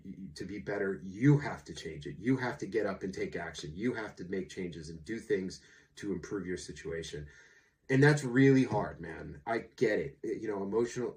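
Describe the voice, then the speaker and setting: A man's voice: on the low side, a little mellow, recorded from a distance. A man in his thirties, a divorce coach, talking to camera in a candid, informal way with blunt slang. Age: 30s. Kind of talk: unscripted casual talk to camera.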